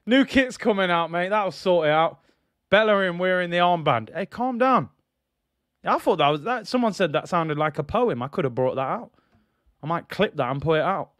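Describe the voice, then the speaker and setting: A man's voice: high voice, lively intonation, normal speed, a bit bright, no echo, clean studio sound. A young man hosting a live football watch-along, exasperated and sarcastic. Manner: exasperated, sarcastic, repeats himself. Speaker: football channel host.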